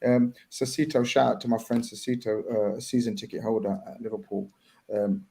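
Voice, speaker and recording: A man's voice: fairly low pitch, steady tone, creaky, mellow. A man hosting a casual live stream, reading out viewer messages and asking his guests about them. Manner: reads viewer messages aloud, halting. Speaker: host.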